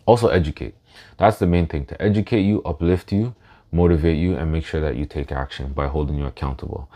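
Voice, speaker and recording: A man in his thirties hosting a solo podcast in a casual way, slow and reflective, pausing to gather his thoughts. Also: extremely low pitch, steady tone, dark tone. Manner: emotional, laughs through his words. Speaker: podcast host.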